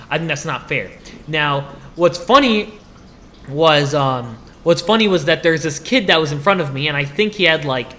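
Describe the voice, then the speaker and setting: Young man, high voice, bright and tense tone, animated solo podcast rant, complaining and laughing. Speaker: podcast host.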